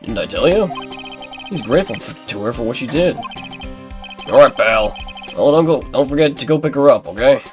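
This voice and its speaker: A woman's voice: extremely low pitch, expressive, moderate pace, long pauses, darkish tone, faint music behind. A stuffy-nosed woman with a Southern accent voicing a blunt, friendly male police detective. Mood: gruff. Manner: blunt, pally. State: stuffy nose.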